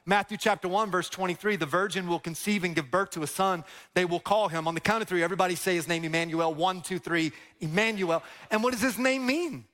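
A man's voice: high voice, quick pace, hardly any pauses, a bit bright. A male pastor preaching a sermon, impassioned and repetitive, leading the congregation in call-and-response.

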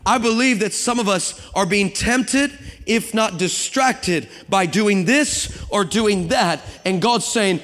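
A man preaching a sermon to a congregation, lively and humorous, building up to shouting passages. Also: high voice, slow pace. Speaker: guest preacher. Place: church sanctuary with congregation. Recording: long hall reverb.

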